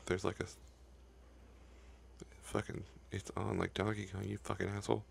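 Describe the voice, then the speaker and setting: A man's voice: on the low side, level tone, normal speed, vocal fry, a little hiss or hum. A young man narrating his own video game run, cursing the game and talking in a frustrated, profane way. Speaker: gaming YouTuber. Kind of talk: profane Let's Play commentary.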